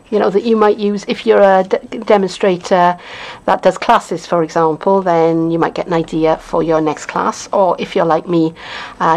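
A woman's voice: mid-range voice, gravelly, poor audio. A middle-aged woman with a Welsh accent, chatting casually as a craft demonstrator, rambling along with lots of fillers and little chuckles. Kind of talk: casual unboxing chat.

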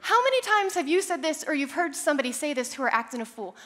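A young woman preaching a sermon, telling a personal story with animated, self-deprecating humor. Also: high-pitched, fast talker. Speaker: church speaker.

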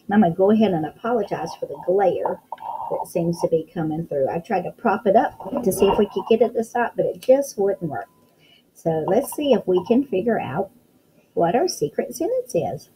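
A woman teaching a phonics lesson to young children, talking in a slow, sing-song, encouraging way and praising often. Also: medium pitch, very animated, noisy background. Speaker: kindergarten teacher.

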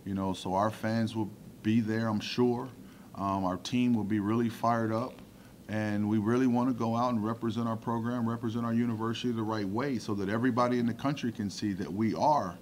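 A middle-aged man with a low voice answers press questions as a football coach. He talks plainly and relaxed, filling pauses with "um" and "you know." A faint hum of the room sits behind him. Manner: relaxed, plainspoken, with frequent fillers. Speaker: football offensive coordinator.

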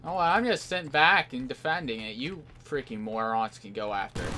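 A man's voice: medium pitch, sharp tone. A man giving live gameplay commentary, frustrated and griping at his teammates. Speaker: gamer.

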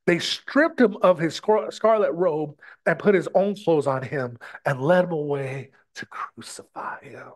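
A man's voice: a little high, a little slow. A man from the United States preaching a sermon in an impassioned way, often stumbling and repeating his words as he addresses his brothers and sisters.

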